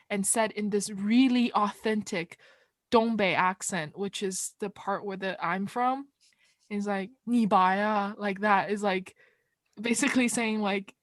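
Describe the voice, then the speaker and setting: A woman who grew up in China tells a story in a relaxed, hesitant way, her speech full of fillers and small restarts. Her voice sits at a middle pitch. The recording is dry and close. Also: measured pace, dry recording. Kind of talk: casual chat.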